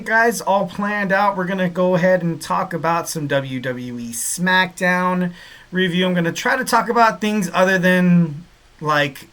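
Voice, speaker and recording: A man hosts a casual podcast in a bright, forward voice that sits a little high. He rambles cheerfully, leaning on fillers and pet phrases as he goes. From Southern California. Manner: rambling, upbeat, lots of fillers and repeated catchphrases. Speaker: podcast host.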